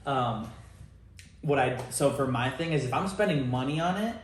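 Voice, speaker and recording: Young man, mid-pitch, relaxed rambling co-host talk in an echoey home room. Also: moderate pace. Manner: rambling, laid-back, self-deprecating. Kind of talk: casual chat. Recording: roomy echo.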